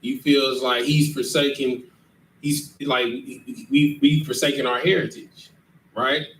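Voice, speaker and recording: A man's voice: mid-range voice, fairly even intonation, slow pace, a bit bright. A man leading a scripture lesson in an emphatic way, who keeps checking that his listeners understand. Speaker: teacher leading a scripture class. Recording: echoey room, mic far off, faint noise.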